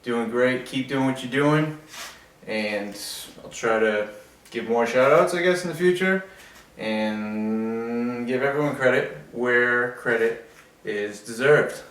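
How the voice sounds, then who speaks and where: A man's voice: mid-range voice, slow pace, fairly bright tone, distant mic. A man ranting bluntly to camera about nutrition and training in a casual fitness vlog. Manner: blunt, opinionated, mocking. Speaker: fitness vlogger. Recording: roomy echo, away from the mic.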